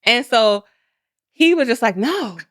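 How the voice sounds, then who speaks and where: A woman's voice: mid-range voice, moderate pace, fairly bright tone, clear, resonant tone, no room sound, clean studio sound. A woman in her thirties co-hosting a podcast, talking candidly and expressively with frequent laughter and casual slang. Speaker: podcast co-host.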